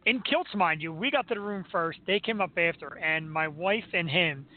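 A man's voice: high-pitched, moderate pace. A man hosting a radio show, telling jokey stories in casual chat and laughing often. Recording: narrow phone-like radio sound.

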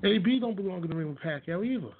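A man hosts his own radio show, his voice pitched high and animated at a quick clip. He rants about sports bluntly and casually, swearing plenty and laughing with scorn. The audio is tinny, like a phone line.

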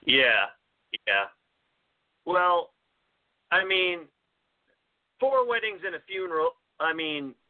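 A man's voice: a little high, dry recording. Rambling man on a thin, phone-like line. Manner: rambling, hesitant, many fillers. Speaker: podcast co-host. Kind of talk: casual film chat. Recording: thin phone-like audio, dry.

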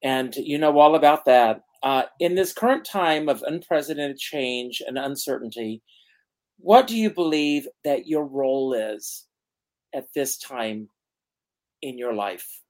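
Guy hosting an online interview show, upbeat and gushy, mid-pitched voice. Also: animated, unhurried. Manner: warm, enthusiastic, affirming. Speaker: host. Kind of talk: interview host.

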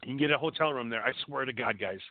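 A man hosts a call-in show in crude, rambling fashion, animated and full of profanity. His voice is mid-range and he talks fast. The recording is dry, with narrow, tinny audio.

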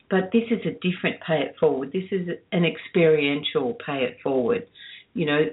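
An older woman, a radio producer being interviewed, telling stories in a chatty way and laughing often. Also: deep voice. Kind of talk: casual interview chat. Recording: tinny phone line.

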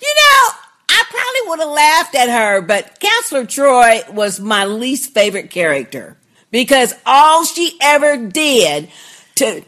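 A woman's voice: on the high side, fairly bright tone. A woman hosting a podcast in casual chat, candid and opinionated. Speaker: podcast host.

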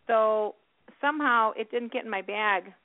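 A woman hosting an internet radio show, chatting warmly and encouraging her guest. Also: on the high side, a little slow. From Illinois. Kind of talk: casual interview chat. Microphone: phone call. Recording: tinny phone line.

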